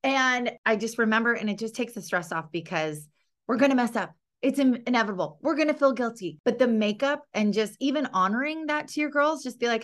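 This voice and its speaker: A woman in her thirties co-hosting a parenting podcast, chatting casually and telling stories with expressive quoted asides. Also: fairly high pitch, brisk. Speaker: podcast co-host. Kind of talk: casual chat.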